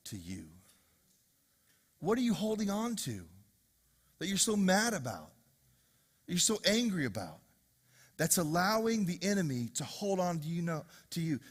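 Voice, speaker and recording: A man preaching a sermon as pastor to a congregation, swinging from loud, driving passages to hushed, repeated questions. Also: on the high side. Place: church hall with congregation.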